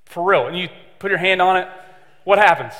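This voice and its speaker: A man's voice: high voice, a little fast, a bit bright. Young guy giving a laid-back sermon, lots of ums, big reverby hall. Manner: chatty, joking, lots of fillers. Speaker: preacher. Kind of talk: casual sermon.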